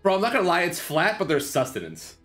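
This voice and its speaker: A man's voice: sits high, fast talker, soft background music. A young man streaming, chatting casually with jokes and swearing. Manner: joking, swearing, animated banter. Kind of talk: casual livestream chat.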